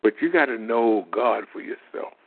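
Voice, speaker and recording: A man's voice: medium pitch, animated, moderate pace, creaky, breathy edge. A man, telling faith-healing stories in a plain-spoken, folksy way as a lay minister. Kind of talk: informal testimony monologue. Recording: tinny phone-like audio.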